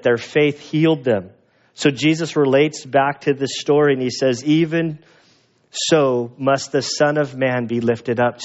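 A male pastor preaching a sermon, slow and earnest, often restarting his phrases. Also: mid-range voice. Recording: dull lo-fi sound.

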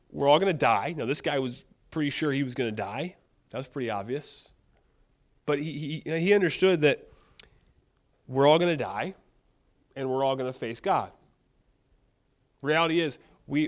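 A man preaching a sermon in a conversational, animated way, with frequent restarts and rhetorical questions. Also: mid-range voice. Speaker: pastor.

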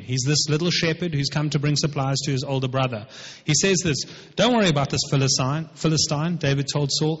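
A man's voice: fairly high pitch, a bit bright, slightly rough. A man preaching a sermon, retelling a scripture story in a conversational manner with frequent asides. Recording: reverberant hall, dull lo-fi sound.

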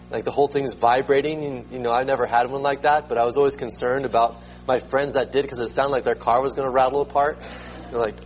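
A man with a slightly high voice, heard through poor audio, preaches a sermon as a pastor. He's emphatic, repeating words and rising sharply in pitch when he proclaims them.

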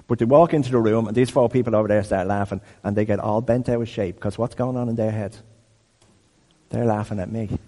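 This fifty-something man has a lowish, mellow voice. He is giving a sermon-like teaching talk in a conversational tone, regularly turning questions to the audience, all captured with a long, hall-like reverb.

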